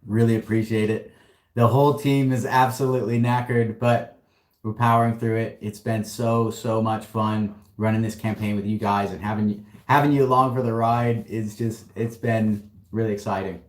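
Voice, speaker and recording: A man's voice: fairly low pitch, steady tone, moderate pace, echoey room. A man hosting a casual livestream Q&A, upbeat and slangy, reading out viewer questions and answering them. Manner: upbeat, slangy, laughs often. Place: warehouse.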